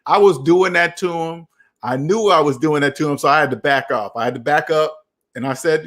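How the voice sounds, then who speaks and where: A young man hosting a casual live chat about personal finance, talking in an animated, preachy and repetitive way. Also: a little high, brisk. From United States. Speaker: finance channel host.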